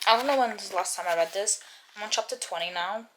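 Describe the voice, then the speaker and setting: A woman's voice: medium pitch, quick pace, a bit bright, slight background noise, poor audio. Chatty young woman vlogging about a book. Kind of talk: casual reading vlog. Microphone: camera.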